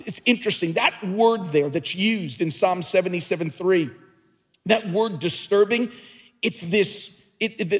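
A pastor preaches with earnest emphasis, his voice pitched high and with a husky edge. He often doubles back on his words as he presses his point. A long reverb trails behind him, as in a large hall. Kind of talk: sermon.

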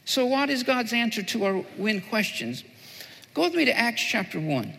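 A man preaching a sermon with a strikingly high, bright, gravelly voice. He repeats his key phrases and presses them home with fervent emphasis. The sound carries a long hall reverb. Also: big pitch swings, normal speed. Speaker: pastor.

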